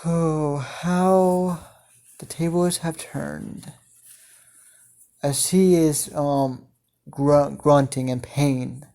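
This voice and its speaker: A man improvising a dark fan story, halting and full of fillers as he strings clauses together. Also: fairly high pitch, fairly even intonation. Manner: halting, many fillers and restarts, chained "as she" clauses. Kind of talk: improvised fan-fiction narration.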